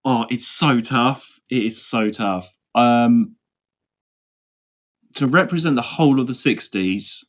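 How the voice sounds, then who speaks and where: A man's voice: medium pitch, takes it slowly. A man hosting a podcast in casual chat, hesitant and thinking aloud as he talks. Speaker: podcast host.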